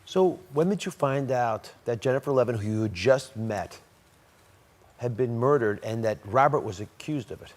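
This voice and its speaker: A man's voice: mid-range voice, lively intonation, moderate pace, long reverb tail. A man hosting a TV talk show, asking direct questions and introducing segments. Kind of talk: interviewing and show segues.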